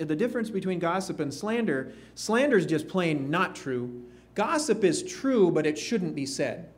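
A man preaching a sermon, slow and emphatic, with rising questions to the congregation. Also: mid-range voice.

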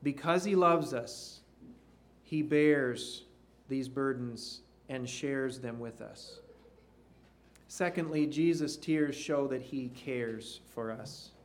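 A man preaching a sermon in an earnest way, sinking to a hush on key phrases. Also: medium pitch, takes it slowly, a little hiss or hum. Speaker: pastor.

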